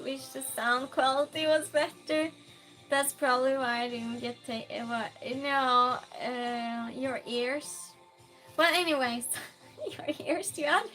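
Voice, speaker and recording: A woman streamer chatting casually with her viewers, reading out their comments, laughing often and calling out loud greetings. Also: on the high side.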